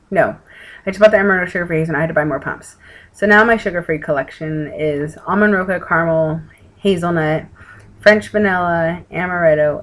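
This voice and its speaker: A woman's voice: lowish voice, low-quality recording. Texan woman vlogger, casual and rambly, tired and yawning, salty language. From Texas. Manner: chatty, rambling, casual swearing. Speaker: weight-loss vlogger. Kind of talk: casual rambling chat to camera. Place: home room with an open window. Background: outside noise through the window.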